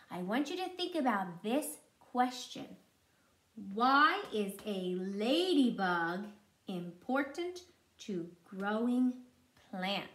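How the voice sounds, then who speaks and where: A woman teaching preschoolers in a slow, sing-song and encouraging way, sounding out words syllable by syllable. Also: on the high side, echoey room. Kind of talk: teaching young children.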